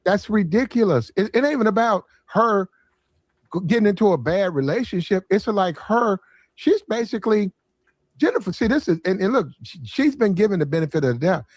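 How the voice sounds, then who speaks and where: A man with a fairly high voice talks bluntly and swears freely. He grows animated as he presses his point, and his sound is close and dry, with no room around it. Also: brisk, no room sound. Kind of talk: casual podcast talk.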